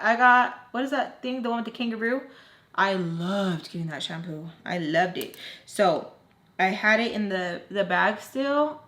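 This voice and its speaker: A young woman in her twenties telling an emotional storytime for her vlog, animated and dropping in Spanish slang. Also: mid-range voice. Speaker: vlogger. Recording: echoey room.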